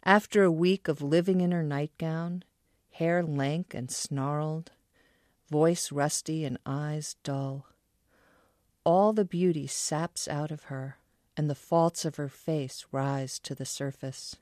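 Woman author, reading her novel, very slow, dry close sound. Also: deep voice, fairly even intonation, a little mellow, no echo. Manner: measured literary reading. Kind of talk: reading her own fiction aloud.

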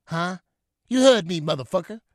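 A man voicing a volatile, abusive father who shouts and curses at his son. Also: fairly high pitch, expressive, quick pace, no room sound, clean studio sound. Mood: screaming rage. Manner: shouting, profane, menacing.

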